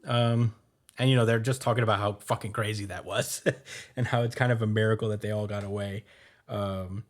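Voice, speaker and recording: Host, male, low voice, casual recap, loose and rambling. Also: steady tone. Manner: rambling, many fillers, quick laughs. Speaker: podcast host.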